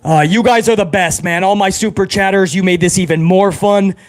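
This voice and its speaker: A wired, over-caffeinated man hosts a live reaction stream, chatting loosely with viewers and swearing freely. His voice sits notably high and bounces with excitement. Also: fairly quick.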